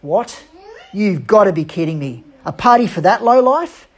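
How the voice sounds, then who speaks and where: A woman acting out a resentful older brother who complains loudly about unfairness. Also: on the low side, expressive, measured pace. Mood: indignant. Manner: loud, aggrieved complaining. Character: resentful older brother, indignant young man.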